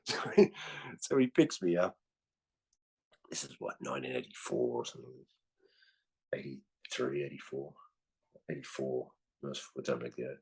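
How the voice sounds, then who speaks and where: A man in his fifties with an Australian accent, swearing freely and tagging his lines with "right?" as he tells animated stories in a casual chat. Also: very deep voice, normal speed, creaky, long pauses, breathy edge. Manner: animated storyteller. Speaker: guest comedian.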